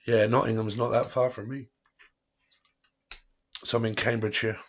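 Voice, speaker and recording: Low-voiced man chatting on a livestream. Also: flat delivery, a bit bright. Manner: rambling, chatty, quick to laugh. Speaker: tarot reader hosting a livestream. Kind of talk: casual livestream chat.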